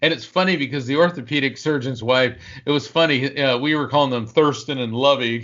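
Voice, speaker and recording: Animated man telling a story. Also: mid-range voice, fairly quick, hardly any pauses, lo-fi sound. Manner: animated storyteller, acts out quotes, frequent fillers. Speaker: psychic medium guest. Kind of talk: anecdotal storytelling in conversation.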